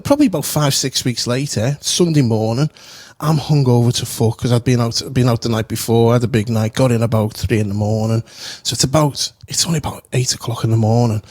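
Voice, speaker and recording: A man as a podcast guest telling an anecdote in an animated, profane, laughing manner. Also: medium pitch, no room sound. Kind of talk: casual storytelling.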